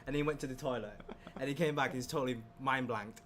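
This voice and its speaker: A man co-hosting a live stream in a relaxed, chatty way, joking along with his partner. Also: mid-range voice, quick pace, noisy background. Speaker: livestream co-host. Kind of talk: casual live-stream chat.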